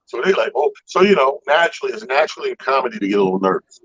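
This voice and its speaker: A man's voice: mid-range voice, very fast, husky, lo-fi sound. A man hosting a radio talk show, telling a profane story and acting out other people's lines. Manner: animated storyteller, acts out people's quotes, profane. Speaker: comedy show organizer. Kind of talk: casual storytelling chat.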